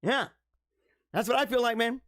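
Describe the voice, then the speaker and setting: A young man hosting a livestream, reacting to news stories with animated, mock-outraged rants and bursts of laughter. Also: extremely high pitch, normal speed, dry recording, studio quality. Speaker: livestream host. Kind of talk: casual livestream commentary.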